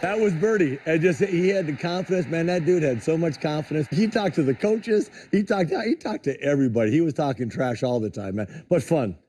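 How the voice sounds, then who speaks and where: Laughing former player telling stories. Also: male voice, on the high side, fairly quick, few pauses, breathy edge, soft background music. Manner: laughing often, animated. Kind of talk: casual storytelling on a talk show.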